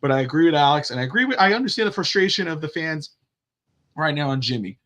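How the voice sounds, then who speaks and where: Fast-talking and a little high in pitch, a middle-aged sports talk show co-host tells stories on a casual program, acting out other people's quotes with animation.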